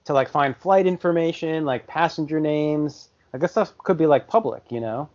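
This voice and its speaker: A man's voice: on the high side, normal speed, a little mellow. Rambling man in casual podcast chat. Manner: loose, rambling, lots of fillers. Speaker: podcast co-host. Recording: slightly dull lo-fi audio.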